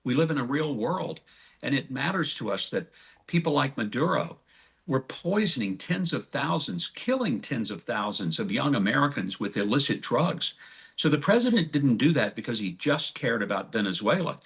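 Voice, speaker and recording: Casting note: older male diplomat guest, folksy and emphatic, mid-range pitch. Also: sing-song, normal speed, fairly bright tone. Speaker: guest, ambassador. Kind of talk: TV interview answer.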